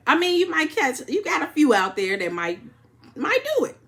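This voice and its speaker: A woman from Chicago giving a casual, animated reality-show recap, acting out what people said. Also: fairly high pitch, normal speed. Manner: animated retelling, acting out quotes with laughs.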